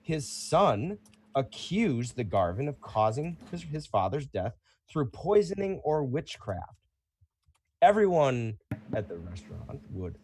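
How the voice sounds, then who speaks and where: A man narrating as game master of a tabletop role-playing game, in a relaxed way. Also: mid-range voice, slight background noise.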